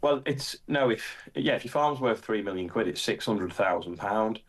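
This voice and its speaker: A British man, a farmer, talking as an interview guest, exasperated and halting with frequent restarts. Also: on the low side, lively intonation, husky. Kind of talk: casual interview conversation.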